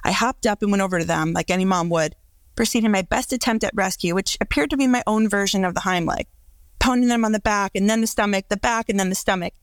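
A woman, a mother, tells a short story of her own about her family. Her delivery is measured and laughs at herself, and the recording is close and dry, with no room sound. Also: mid-range voice, no room sound. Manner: self-deprecating, measured. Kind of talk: casual personal storytelling.

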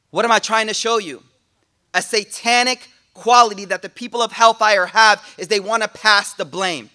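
A man giving a lively, joking sermon to a class, speaking in casual slang. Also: high-pitched, normal speed. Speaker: sheikh giving a talk. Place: room with a listening audience.

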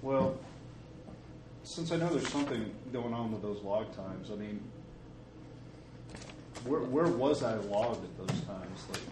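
A man's voice: lowish voice, animated, slow pace, pauses often, distant mic. A man playing a character in a tabletop horror game, musing aloud with trailing questions. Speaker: player. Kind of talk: casual tabletop role-play. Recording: echoey room, faint hiss.

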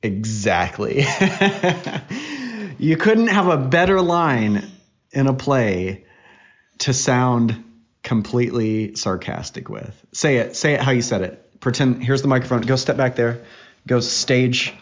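A man's voice: mid-range voice, slow pace, lo-fi sound. A man in his thirties, a podcast host chatting casually and teasingly with his young daughter at home. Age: 30s. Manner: playful, teasing, joking.

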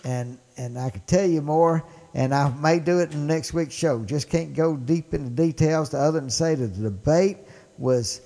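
A man's voice: on the high side, normal speed, warm tone, long reverb tail. Mississippi man, upbeat political host. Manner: enthusiastic, emphatic. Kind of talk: political commentary.

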